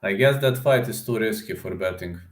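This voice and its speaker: A man with a lowish voice hosts a casual livestream at normal speed, chatting with viewers and making fight predictions. He's chatty, leans heavily on fillers and the word "man," and reads the chat aloud, all in a room with noticeable echo.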